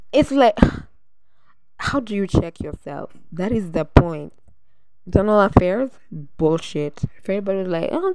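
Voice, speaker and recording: A woman hosts a solo podcast and rants bluntly, swearing freely and breaking into sudden loud outbursts. Her voice sits a little low and sounds smooth and clear. The close mic gives a dry sound. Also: no room sound, poor audio. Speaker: podcast host.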